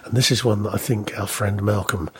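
A man presenting a casual local radio show from the studio, chatty and self-deprecating, his voice a little rough at the moment. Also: on the low side, fairly even intonation, a little fast. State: slightly rough voice.

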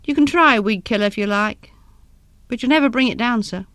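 A woman's voice: a little high, brisk, fairly bright tone, no room sound, natural voice. A woman voicing an elderly male seedsman who talks in a folksy, knowing way.

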